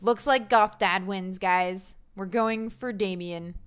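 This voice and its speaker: A woman's voice: mid-range voice, slow, clean tone. A young woman streaming a dating game, chatting casually with viewers in a giggly, self-mocking way. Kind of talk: casual livestream commentary.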